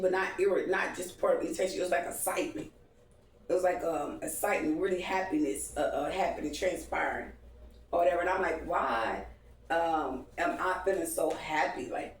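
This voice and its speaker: A woman's voice: fairly low pitch, far from the mic, slight background noise. Rambling, profane woman in an echoey room. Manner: rambling, profane, addresses viewers as y'all. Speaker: vlogger. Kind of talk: casual late-night storytime. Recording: echoey room, voice a bit off-mic.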